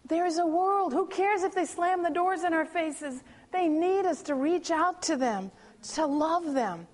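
A woman with a high voice tells a personal testimony. She tells it with animation, acts out the voices of the people in the story, and often stops and restarts her sentences. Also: a little slow. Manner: animated storytelling with acted-out quotes and frequent restarts. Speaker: churchgoer sharing a personal testimony.

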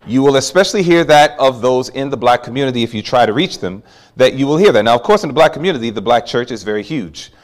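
A man preaching a sermon, telling a personal story with animated swings from hushed asides to loud exclamations. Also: mid-range voice, fast talker.

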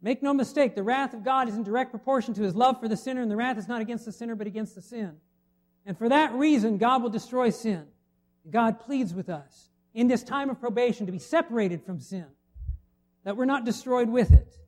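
A man's voice: very high voice, a little fast, a little mellow. A middle-aged man preaching a sermon, conversational and full of rhetorical questions to the congregation. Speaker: pastor.

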